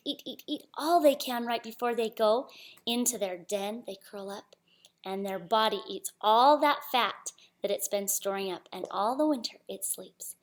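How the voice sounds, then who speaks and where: A woman reading a children's picture book aloud in a lively, unhurried way, often dropping to a hush. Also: medium pitch. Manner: animated, slow, dropping to whispers at refrains. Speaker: storybook reader.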